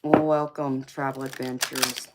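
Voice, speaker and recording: Speaking at an extremely low pitch with little variation and a slightly slow pace, a woman with a strong Southern American accent reads tarot on a casual livestream. Heavy noise sits in the background while she laughs, teases, and sassily calls viewers honey and baby.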